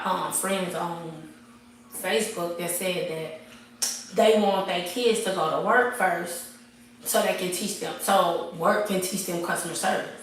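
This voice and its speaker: A woman's voice: medium pitch, a bit bright, distant mic, a little hiss or hum. A woman gives an emphatic, preachy motivational talk on a livestream from her barber shop. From Texas. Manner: preachy and emphatic, repeats phrases. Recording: echoey room, off-mic.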